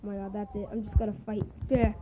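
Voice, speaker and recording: A young woman giving casual, excitable commentary while playing a video game with a friend, often yelping and laughing. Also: medium pitch, quick pace. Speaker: gaming video host. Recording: loud background noise.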